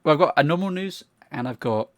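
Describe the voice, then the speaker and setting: A man's voice: on the high side, lively intonation, fast talker, no echo, clean studio sound. A young man co-hosting a podcast, joking playfully in casual chat. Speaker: podcast co-host.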